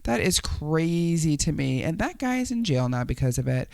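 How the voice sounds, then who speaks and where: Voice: mid-range voice, big pitch swings, normal speed, gravelly, no echo. A vlogger giving casual, exasperated commentary on news clips, often sighing, laughing and tripping over hard words.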